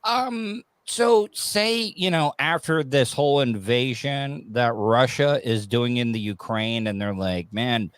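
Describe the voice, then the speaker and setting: Joking podcast host, dry close sound. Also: male voice, mid-range voice, slow pace, hardly any pauses, clear, resonant tone, no echo. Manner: joking, rambling, lively. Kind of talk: casual podcast chat.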